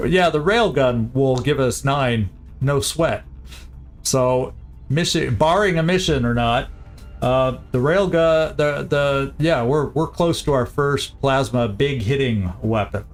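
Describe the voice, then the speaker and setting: A man's voice: medium pitch, slow pace, faint music behind. A man streaming a strategy game, thinking aloud in casual commentary, often repeating himself and muttering asides. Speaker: gaming streamer.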